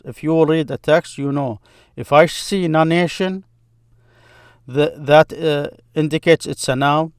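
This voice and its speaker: Slow, patient male teacher. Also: on the high side, dry recording, clean studio sound. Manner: slow and patient, repeats words to model pronunciation. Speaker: Arabic teacher. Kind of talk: screen-share grammar lesson.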